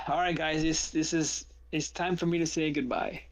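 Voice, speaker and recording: A man with a somewhat high-pitched voice chats casually as a guest on a stream. He is easygoing and often stops and restarts his sentences. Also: flat delivery, moderate pace.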